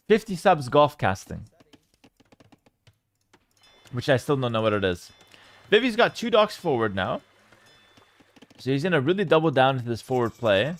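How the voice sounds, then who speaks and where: A young man casting a strategy game live and chatting with his viewers, with sudden bursts of excitement. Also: medium pitch, moderate pace, long pauses, no echo. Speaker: game streamer and caster. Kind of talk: live game commentary with chat.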